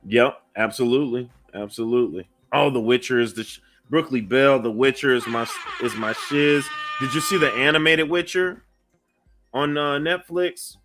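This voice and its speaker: A man's voice: medium pitch, moderate pace, music in the background. A man hosting a casual livestream interview, upbeat and reading out viewer messages and donations. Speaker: livestream host.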